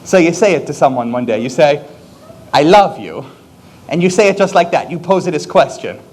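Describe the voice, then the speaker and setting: A man playing a lonely middle-aged musical fan, narrating with wry, conversational asides to the audience. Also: high-pitched.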